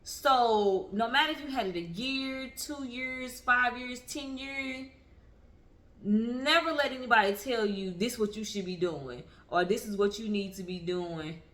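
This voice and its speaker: A woman in her thirties shares her own experience in a candid vlog. Her voice is bright and ringing, and she speaks earnestly. She leans on repetition to make each point land. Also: fairly high pitch, unhurried. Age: 30s. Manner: earnest and emphatic, repeats phrases for weight. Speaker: vlogger. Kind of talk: candid personal talk to camera.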